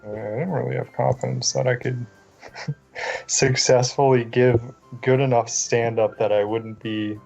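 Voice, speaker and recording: A man's voice: mid-range voice, fairly even intonation, unhurried, gravelly, a little mellow. A man co-hosting a comedic podcast, self-deprecating and laughing off crude retorts, on a muffled recording. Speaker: podcast co-host. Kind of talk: casual comedic chat. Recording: muffled lo-fi podcast audio, faint music.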